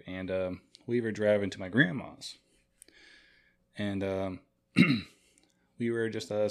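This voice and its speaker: A young man on a podcast telling a personal story in a laid-back, unhurried way, with dry jokes. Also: on the low side. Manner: laid-back, dry joking, some uh fillers. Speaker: podcast co-host. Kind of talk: casual storytelling chat.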